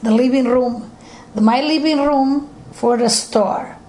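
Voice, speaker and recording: A woman's voice: high voice, unhurried, slight background noise, rough recording. An older woman with a Portuguese accent, telling her family history in broken English during an interview at home. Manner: broken English, animated storytelling with acted quotes.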